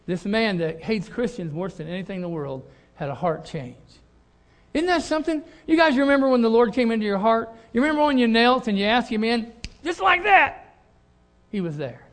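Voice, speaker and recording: Middle-aged man, pastor, high voice, animated sermon delivery with lots of repetition. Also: normal speed. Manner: animated, repeats phrases for emphasis.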